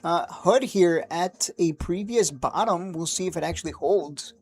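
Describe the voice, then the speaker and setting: A man hosting a stock trading livestream, talking casually and excitably, rambling, cursing now and then, and laughing at his own jokes. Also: high-pitched, measured pace, slightly rough. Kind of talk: live market commentary.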